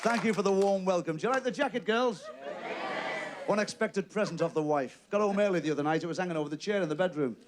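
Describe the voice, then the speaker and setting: A man's voice: sits high, crowd noise, noisy background. A man with a Liverpool accent doing a stand-up comedy routine, telling jokes and voicing characters in a TV studio. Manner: quick joke-telling with lively voiced characters. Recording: TV studio with audience laughter.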